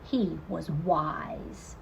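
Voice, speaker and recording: A woman teacher reading a children's picture book aloud, expressive and chatty with asides to young listeners. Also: sits low, drawn-out words, creaky, a little hiss or hum, rough recording. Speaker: storytelling teacher.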